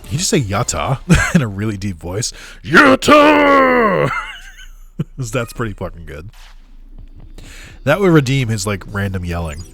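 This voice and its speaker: A man's voice: fairly low pitch, big pitch swings, moderate pace, pauses often, husky. A man chatting casually while streaming a game, ranting sarcastically, swearing a lot and laughing often. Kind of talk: casual gaming stream chat.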